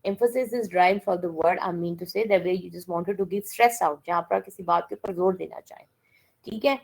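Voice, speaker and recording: A woman's voice: fairly low pitch, racing, creaky, a little mellow, poor audio. A woman giving a classroom lecture, mixing languages and often checking with "okay?". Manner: code-switches and keeps checking with "okay?".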